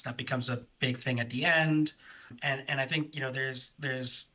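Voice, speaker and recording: A man's voice: mid-range voice, flat delivery, measured pace, pushed and bright, highs cut off. A man talking as a podcast guest in a casual film chat, rambling and chatty with restarts.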